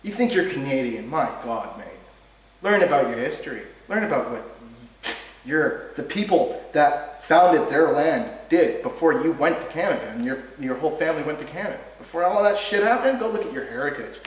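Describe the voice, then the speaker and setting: A man with a slightly higher voice talks in a heated, rambling stream, restarting words and swearing as he goes. He sits well back from the microphone. The recording is drenched in room echo. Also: animated, fairly quick. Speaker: podcast host. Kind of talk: casual ranting monologue. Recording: very echoey room, distant mic.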